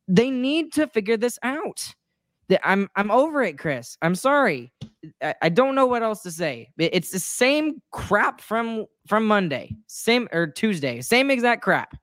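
A woman's voice: medium pitch, no room sound, clean studio sound. A woman co-hosting a sports talk show, venting her frustration in a rambling, emotional way with many restarts and apologies. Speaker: sports podcast co-host. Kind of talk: casual chat.

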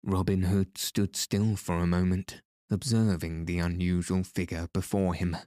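Deep-voiced man narrating a storybook tale. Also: little pitch movement, unhurried, mellow, dry recording, studio quality.

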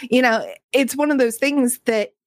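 A woman's voice: sits high, fairly even intonation, unhurried, no echo. A woman hosting a casual podcast chat, telling a personal story frankly and swearing casually.

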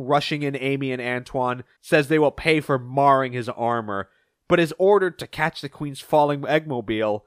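Animated man recapping comics, dry close mic. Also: dry recording. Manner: animated, acts out characters' lines in shifting pitch. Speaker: podcast host. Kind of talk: comic recap reading with quick voiced quotes.

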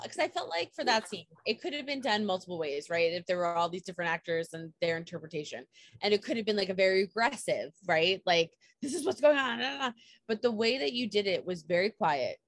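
A woman's voice: medium pitch, fairly bright tone, dry recording, studio quality. A woman hosting a podcast, gushing with effusive praise as she sets up a long question. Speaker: podcast host. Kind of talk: casual interview chat.

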